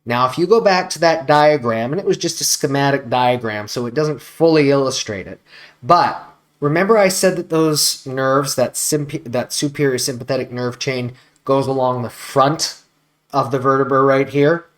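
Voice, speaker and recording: A man with an American accent, a chiropractor explaining health topics in a measured, deliberate way, stressing key words. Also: mid-range voice. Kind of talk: educational explainer to camera.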